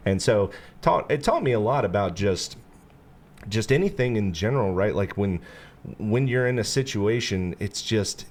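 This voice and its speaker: A man's voice: lowish voice, normal speed. A man hosting a casual chat, telling a long story with lots of fillers and acting out the quotes. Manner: animated storyteller, acts out quotes in bursts; relaxed, lots of "you know" fillers. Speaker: podcast host.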